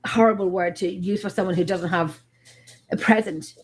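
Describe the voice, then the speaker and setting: An Irish woman hosting a paranormal live stream, telling stories in a rambling, animated, casual way. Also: fairly low pitch, normal speed. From Ireland.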